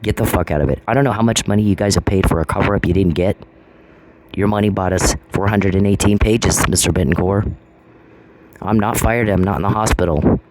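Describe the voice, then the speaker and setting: In this noisy clip full of clicks, a male vlogger speaks in a low, slightly quick voice. His monologue is angry and confrontational, laced with profanity and taunting questions he keeps repeating.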